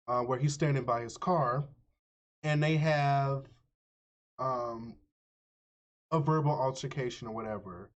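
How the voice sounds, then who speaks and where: Male streamer, higher pitch, loose profane movie recap, dull lo-fi sound. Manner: animated, slangy, profane storytelling. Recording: slightly muffled lo-fi audio.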